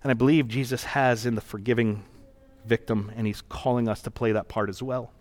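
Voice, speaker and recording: A man's voice: medium pitch, steady tone, fairly quick. A man preaching a sermon as pastor, in an earnest, conversational and reflective storytelling manner.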